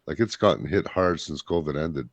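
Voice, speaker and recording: A man's voice: very deep voice, animated, normal speed, no echo. A man from Canada hosting a casual talk show, blunt and rambling in his opinions. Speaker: podcast host. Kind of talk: casual chat.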